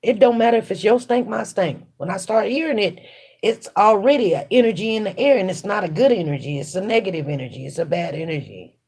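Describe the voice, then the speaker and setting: Working while she streams, a woman thinks out loud about faith in an emphatic, repetitive way. Her mid-range voice is gravelly, darkish and slightly rough, moving quickly and expressively.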